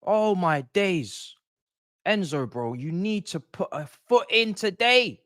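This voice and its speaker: A man's voice: a little high, big pitch swings, a little slow, fairly bright tone, no echo, clean studio sound. A young man reacting live to a football match on stream, exasperated, swearing and ranting at the players. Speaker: watch-along streamer.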